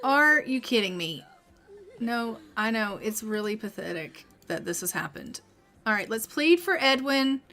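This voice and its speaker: A woman's voice: on the high side, lively intonation, normal speed, fairly bright tone, faint music behind. A woman streamer casually commenting on her game as she plays, chatting with her viewers and voicing the characters now and then. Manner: chatty, reads out game text and voices the characters. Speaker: gaming streamer.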